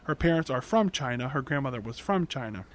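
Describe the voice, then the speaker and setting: A man's voice: medium pitch, expressive, fairly quick. A man hosting a podcast, recapping a movie plot in a casual, chatty way, often restarting and correcting himself mid-sentence. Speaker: podcast host.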